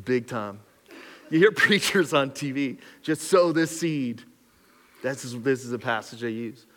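A man preaching a sermon as pastor, emphatic and building to loud passion, with casual asides and laughs. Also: mid-range voice, lively intonation, normal speed. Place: church auditorium. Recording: long hall reverb.

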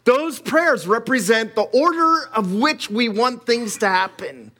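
A man preaching a sermon in an animated, conversational way, with casual asides. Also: very high-pitched, a little slow. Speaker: pastor.

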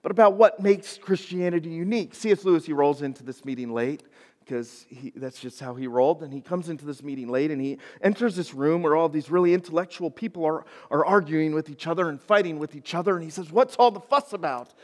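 A man preaching to high schoolers, casual and folksy, building to emphatic points. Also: brisk, darkish tone. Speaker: youth pastor. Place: church sanctuary. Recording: long hall reverb.

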